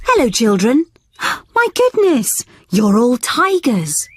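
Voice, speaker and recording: Motherly cartoon pig, lively melody, loud clicking noise. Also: a little high, slow pace, heavily acted. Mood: kindly. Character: kind mother pig, gentle and sensible.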